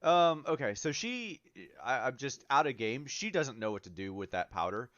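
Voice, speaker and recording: Smooth-voiced man running a tabletop game. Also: mid-range voice, moderate pace, no echo. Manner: relaxed, many ums and uhs. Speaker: game master. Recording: dull lo-fi mic, dry.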